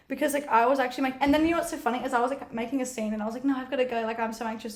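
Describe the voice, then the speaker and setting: Fast-talking young woman. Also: high-pitched. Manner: animated storytelling with frequent laughter and "like". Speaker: guest. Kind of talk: casual chat.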